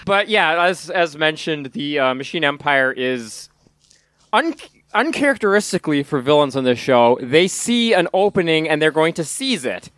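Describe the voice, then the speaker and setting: A man's voice: fairly high pitch, big pitch swings, normal speed, a bit bright, no echo. A man co-hosting a podcast, chatting casually and joking around. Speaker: podcast co-host.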